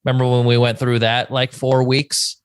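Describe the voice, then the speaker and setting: A man's voice: mid-range voice, little pitch movement, moderate pace, smooth, no echo, studio quality. A man in his thirties co-hosting a podcast, rambling through stories and cutting himself off mid-thought. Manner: rambling, self-interrupting storyteller. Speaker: podcast co-host. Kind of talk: casual chat.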